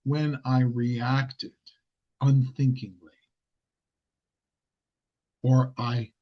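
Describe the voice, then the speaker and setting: Man, informal sermon, slow unhurried delivery, husky voice, muffled lo-fi sound. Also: medium pitch. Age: older. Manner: conversational, self-correcting, laughs at his own asides. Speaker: preacher.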